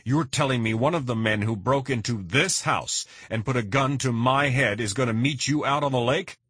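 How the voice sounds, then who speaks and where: A man voicing a brash, pushy rich man in an audiobook, loud and demanding. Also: mid-range voice, moderate pace, slightly rough, dry recording, clean studio sound, pitched above the performer's own voice. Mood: wary.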